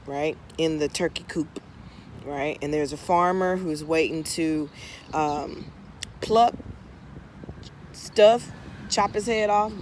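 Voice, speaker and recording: Sitting out in her garden, a woman who reads tarot tells a casual story in a lowish, somewhat dark voice with a slight hiss or hum in the recording. She's chatty and drawling, drifting into frequent asides and tossing in "right?"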